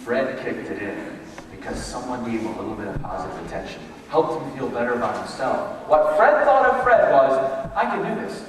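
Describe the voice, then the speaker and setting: A man giving a motivational leadership workshop, telling stories in an animated way and acting out the quotes himself, recorded from far off in an echoey room. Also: mid-range voice, normal speed, background noise. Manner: animated storytelling, acts out quotes. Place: large room with tables, echoey. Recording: echoey hall from far off, faint ambience.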